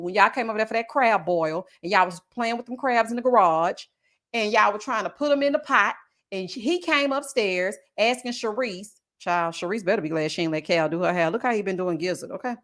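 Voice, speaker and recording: A woman's voice: medium pitch, a bit bright. A woman giving casual, sassy reality-TV gossip commentary and reading out viewer comments, calling her audience child and baby.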